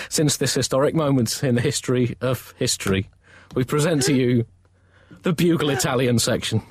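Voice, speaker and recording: A man's voice: mid-range voice, moderate pace, husky, dry recording, clean studio sound. A man hosting a comedy podcast, telling a mock-historical tale in a wry, playful way. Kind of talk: comic storytelling and sign-off.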